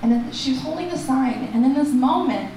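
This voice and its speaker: A woman performing a stand-up comedy set and hosting the show, animated and shouting her punchlines in high bursts. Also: fairly quick, vocal fry, far from the mic, slight background noise. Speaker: stand-up comic and festival host. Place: comedy club stage. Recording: echoey room picked up from afar.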